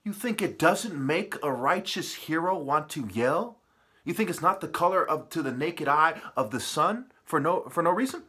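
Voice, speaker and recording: A man in a profane, preachy ranting monologue, swinging from muttering to shouting. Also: a little high, expressive, normal speed, slightly rough. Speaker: vlogger.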